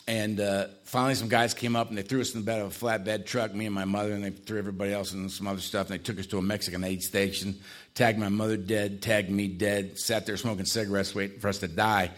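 A man telling his own life story in a casual, conversational way, with dark humor and frequent tag questions. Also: on the low side, level tone, brisk. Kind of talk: personal testimony talk.

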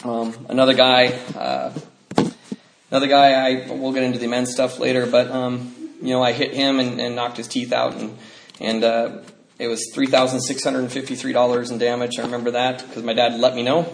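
A man speaking at normal speed in a monotone, medium-pitched voice shares his recovery story with a live group. He tells it loosely, with many fillers, laughing through the darker parts, in an echoey room with faint background noise.

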